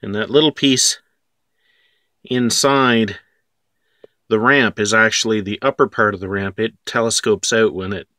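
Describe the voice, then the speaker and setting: A man's voice: lowish voice, steady tone, a little slow, long pauses, bright, forceful tone, no room sound, studio quality. A man casually talking through his scale model build, wry and self-deprecating about his mistakes.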